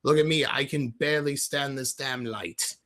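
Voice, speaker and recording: A chatty man streaming live from his home, with a put-on British-sounding accent that slips in and out. He rambles freely, makes fun of himself and greets viewers in the chat. His voice sits at an everyday middle pitch. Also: fairly even intonation, normal speed, a bit bright. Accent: affected British-sounding accent that comes and goes. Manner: rambling, chatty, self-deprecating, answers viewers' chat messages. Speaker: livestream host. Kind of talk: casual rambling livestream chat.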